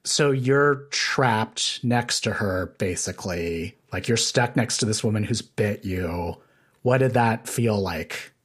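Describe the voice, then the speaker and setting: Interviewer, mid pitch, inquisitive and probing, casual conversational delivery. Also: slow pace, breathy edge. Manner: curious, probing follow-up questions.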